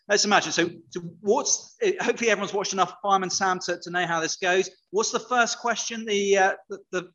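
A man's voice: sits high, pushed and bright, muffled recording. A man preaching an all-age sermon, playful and interactive, chatting with children.

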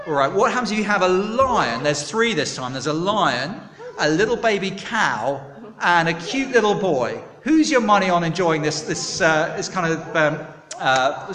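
A man preaching a sermon, chatty and animated, polling his listeners for answers. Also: high-pitched. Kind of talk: sermon with audience participation. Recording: echoey hall, long reverb.

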